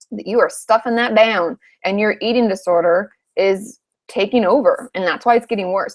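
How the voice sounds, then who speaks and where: A woman in her thirties, a therapist from Washington state, answering viewer questions in a frank, chatty live Q&A, swearing casually now and then. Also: mid-range voice.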